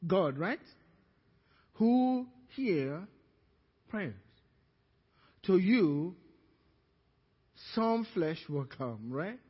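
A man's voice: very animated, drawn-out words, long pauses, breathy edge. A middle-aged man from Africa, a pastor preaching a sermon and telling a personal story, acting out the voices of others in it. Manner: storytelling, acting out quoted voices with rising pitch. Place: church. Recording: dull reverberant church hall recording.

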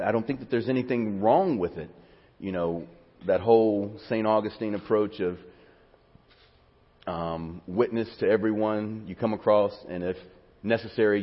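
A man preaching a sermon in a church, moving between quiet teaching and fervent, emotional pleas. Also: on the low side. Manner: builds to fervent, rising pleas, then drops to quiet teaching. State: near tears. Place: church sanctuary. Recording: dull sound with long hall reverb.

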